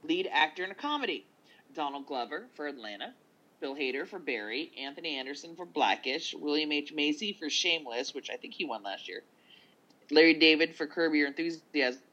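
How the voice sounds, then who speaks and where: A man co-hosting a casual podcast chat, reading down a list of nominees with quick asides. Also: fairly high pitch, lively intonation, pushed and bright, highs cut off. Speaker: podcast co-host.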